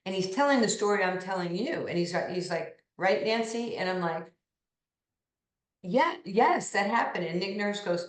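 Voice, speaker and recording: A woman in her sixties from New York, telling animated stories in an interview and acting out what people said. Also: lowish voice, brisk, few pauses. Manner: animated anecdotes, acting out quoted voices. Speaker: interview guest, basketball pioneer. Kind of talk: storytelling interview. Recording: echoey room.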